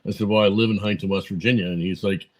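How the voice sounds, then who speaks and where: A man's voice: fairly low pitch, steady tone, racing, low-quality recording. A man in his forties, a podcast guest, telling long rambling stories with lots of fillers and quoted back-and-forth. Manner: rambling anecdotes full of fillers and quoted dialogue. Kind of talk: casual storytelling interview.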